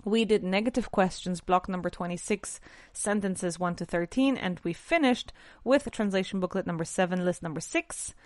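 A woman's voice: on the low side, moderate pace, dry recording. Woman teaching english, stuffy nasal voice from allergies, chatty, dry close mic. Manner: chatty, self-correcting, lively. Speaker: English teacher, podcast host. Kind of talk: casual language lesson.

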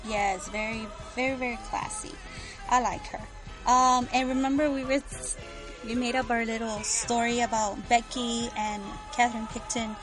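A woman's voice: on the high side, poor audio. A bubbly, giggly woman co-hosting a podcast, chatting casually about a book series and reading out listener comments. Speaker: podcast co-host.

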